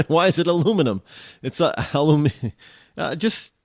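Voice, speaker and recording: Animated rambling radio host, dry sound. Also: male voice, fairly high pitch, measured pace, no room sound. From New England. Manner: rambling, joking, self-interrupting. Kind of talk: casual talk radio monologue.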